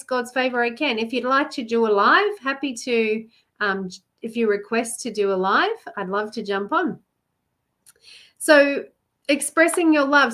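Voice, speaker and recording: Hosting a live card reading about love, this talkative Australian love coach welcomes viewers by name and laughs a lot. She sounds high-pitched, bright, and forceful.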